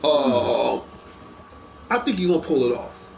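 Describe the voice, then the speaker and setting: A man's voice: mid-range voice, lively intonation, unhurried, vocal fry, darkish tone, a little hiss or hum. A man hosting a casual show, chatting eagerly about movies and rambling with lots of repeated words. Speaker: show host. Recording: echoey room.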